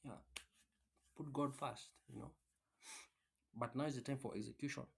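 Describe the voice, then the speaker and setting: A man's voice: medium pitch, fairly even intonation, normal speed, vocal fry, breathy edge. Blunt, profane man giving a pep talk. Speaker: trading content creator. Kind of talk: casual motivational rant.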